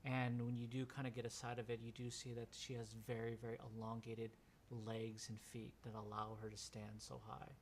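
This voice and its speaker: A man in a middle register narrates as game master, setting scenes at length and filling his pauses with "um". A faint rumble hums behind him. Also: completely flat delivery. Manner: descriptive, with many fillers.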